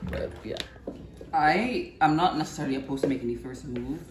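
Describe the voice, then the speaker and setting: A Trinidadian woman in her twenties telling stories and chatting casually while she cooks, going quiet for cooking asides. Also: low voice, a little fast, reverberant, heavy background noise. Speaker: channel host cooking. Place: home kitchen.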